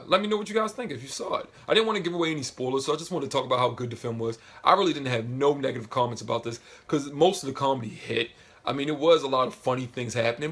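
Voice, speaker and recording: Husky-voiced man reviewing casually. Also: mid-range voice, fairly bright tone. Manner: rambling, lots of filler phrases. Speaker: movie reviewer.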